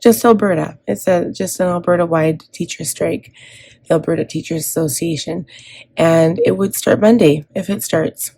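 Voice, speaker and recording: Mellow, slightly husky woman vlogger from Canada. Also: lowish voice, normal speed. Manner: rambling, with many ums and restarts. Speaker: planner vlogger. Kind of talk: casual chat while decorating a planner.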